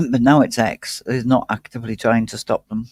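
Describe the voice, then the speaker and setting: A man's voice: mid-range voice, steady tone, moderate pace, a little mellow, breathy edge, dry recording. A man hosting a casual live stream, talking with playful, mock-indignant teasing.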